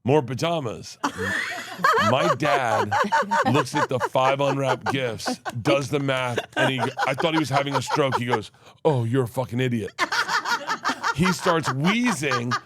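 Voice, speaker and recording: A man telling wild personal stories as a guest, switching into loud laughing impressions of the people in them. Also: mid-range voice, very animated, a little slow, heavy background noise. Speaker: guest storyteller. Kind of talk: comic storytelling.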